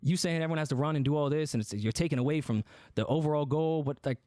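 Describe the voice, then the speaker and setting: A man's voice: fairly high pitch, fast talker, mellow, no echo. A man co-hosting a podcast, talking candidly and bluntly, with profanity, as he explains his side of a dispute. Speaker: podcast co-host.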